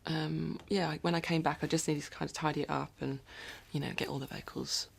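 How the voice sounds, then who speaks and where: Chatty woman with a gravelly low voice. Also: fairly even intonation, fairly quick. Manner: chatty and rambling, slipping into whispered asides. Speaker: musician video blogger. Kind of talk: casual rambling video diary. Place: recording studio.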